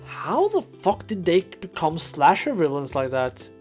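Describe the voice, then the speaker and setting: Woman co-host, lower pitch, dry and teasing, casual chat. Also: very animated, unhurried, a little mellow, faint music behind. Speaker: podcast co-host.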